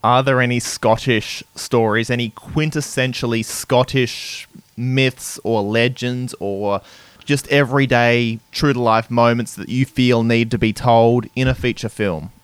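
Deadpan podcast host guy, smooth clear voice, dry sound. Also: medium pitch, unhurried, no room sound. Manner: deadpan, mock-serious interviewer. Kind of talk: casual comedy chat.

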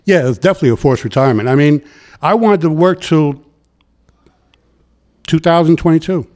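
Brisk and a little high-voiced, this middle-aged man spins stories from his years in transit, now retired, during a casual interview. He's animated and acts out what people said.

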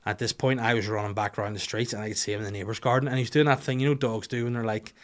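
A lowish-voiced Northern Irish man talks very fast while hosting a podcast. In easygoing chat he delivers an animated story, swearing freely and mocking himself.

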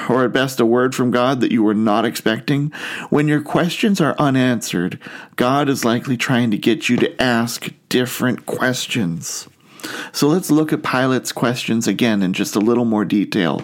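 A man preaching a sermon in an earnest, questioning manner. His voice sits at an ordinary middle pitch. He keeps turning to rhetorical questions for the congregation. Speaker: pastor.

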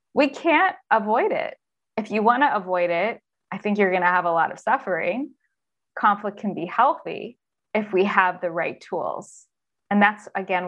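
A woman talks as an interview guest, earnest and expressive, and now and then she acts out inner voices. She speaks at an everyday middle pitch. She sounds like an experienced coach explaining her ideas. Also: muffled recording. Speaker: author and executive coach, podcast guest. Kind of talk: conversational interview.

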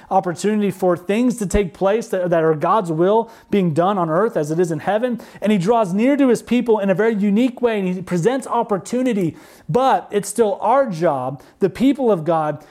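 A man preaching a sermon as pastor, earnest and repetitive, slowing down on emphatic phrases. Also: high-pitched, darkish tone.

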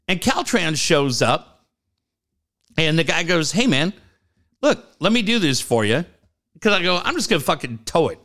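A middle-aged man rants through a long story, swearing constantly and jumping in pitch as he acts out the people he met. His voice sits a little higher than most men's and swings widely. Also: pushed and bright. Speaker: co-host telling a story. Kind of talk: profane casual storytelling.

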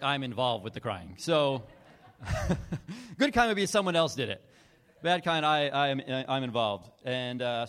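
Higher-voiced man giving a rambling sermon. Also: a bit bright. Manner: self-deprecating, rambling storytelling with many restarts. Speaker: pastor. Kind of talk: conversational sermon with personal anecdotes. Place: church.

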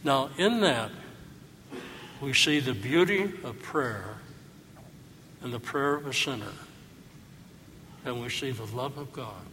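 A man preaching a sermon as a priest, reflective and gentle, asking his listeners rhetorical questions. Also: mid-range voice, animated, slow pace, pauses often, slight background noise. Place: church. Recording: church hall reverb, faint ambience.

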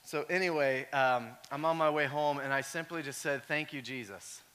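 A male pastor preaching a sermon in a conversational way, full of "like" fillers, moving from quiet storytelling up to shouting. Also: fairly high pitch, steady tone, moderate pace, clear, resonant tone.

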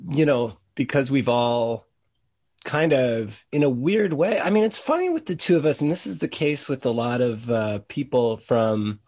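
A man's voice: mid-range voice, expressive, normal speed, a little mellow. A man in casual conversation who rambles, laughs often and fills his talk with "you know" and "like".

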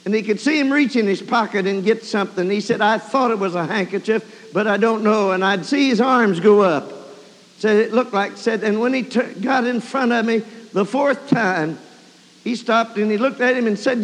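A man's voice: sits high, normal speed. A man preaching a sermon, telling a story and breaking into emotional praise. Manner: emotional, exclaiming praise often. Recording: long hall reverb.

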